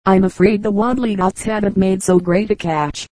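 A woman's voice: mid-range voice, fairly even intonation, moderate pace, a little mellow, no room sound, close to an everyday voice. Woman reading a snobbish, catty matron. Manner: snobbish, disparaging.

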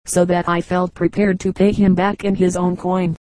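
Woman reading an audiobook, steady. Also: fairly low pitch, moderate pace, no echo, poor audio. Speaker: audiobook narrator. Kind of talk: scripted narration.

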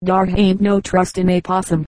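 A melancholy old rural man, as a woman reader puts him on, drawling in thick dialect. The voice sits mellow and dark, read close and dry. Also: on the low side, completely flat delivery, normal speed, no room sound, natural voice, low-quality recording. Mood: mournful. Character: old rural man telling a mournful tale.

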